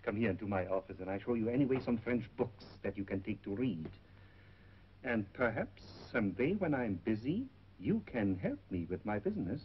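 An actor playing a smooth-talking middle-aged male shop owner with oily, ingratiating charm, in 1930s film acting on a dull 1930s film soundtrack. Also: on the low side, animated, normal speed, a little hiss or hum, lightly acted. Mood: coaxing.

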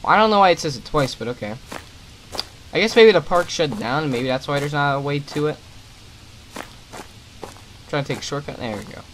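A man's voice: a little high, expressive, brisk, long pauses, a bit bright, a little hiss or hum, rough recording. Sweary, irritated young man gaming. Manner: swearing, irritated, sarcastic asides. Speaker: gaming commentator. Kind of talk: let's play commentary.

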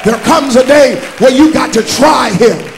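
A man, a bishop, preaching a sermon at a church conference in a chanting, shouted cadence that drops to quiet teaching. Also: very high voice, a little slow, gravelly, noisy background. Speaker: bishop and pastor. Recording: live church recording with faint music and crowd.

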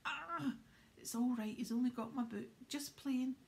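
A woman voicing a huge, gentle male gamekeeper in a storybook reading, puffing and emotional, half whispered. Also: high-pitched, a little slow, gravelly, voice pushed up. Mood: fretful.

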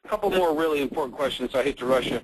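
A man hosting a training call, briskly pushing questions forward. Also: mid-range voice, slight background noise, rough recording. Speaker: host and trainer. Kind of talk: conference-call training interview.

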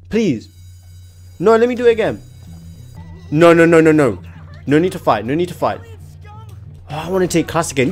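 A young man giving excitable, slangy commentary on a video game, often yelping and laughing. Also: a little high, moderate pace, long pauses, faint music behind. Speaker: gaming YouTuber. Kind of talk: gaming commentary.

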